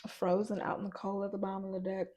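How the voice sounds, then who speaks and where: A woman's voice: medium pitch, monotone, quick pace, noisy background. A woman giving a casual tarot reading while chewing gum, chatty and musing aloud, often laughing and trailing off. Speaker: tarot reader.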